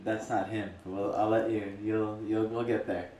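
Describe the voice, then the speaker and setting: A man's voice: on the low side, level tone, unhurried, darkish tone, a little hiss or hum. A man giving a casual, rambling storytelling talk as a spiritual teacher. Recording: echoey room from a distant mic.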